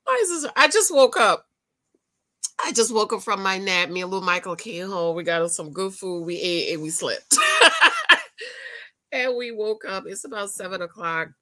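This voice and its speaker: A woman's voice: mid-range voice, animated, normal speed, long pauses, sharp tone. A woman vlogger and author chatting casually and talking directly to her viewers. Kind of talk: casual chat.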